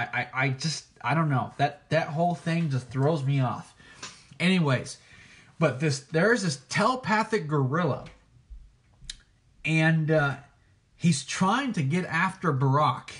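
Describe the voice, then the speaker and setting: A preacher giving an informal teaching, talking hesitantly with many restarts and frequent checks for agreement. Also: male voice, on the high side, a bit bright. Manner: hesitant, frequent restarts, keeps asking "okay?".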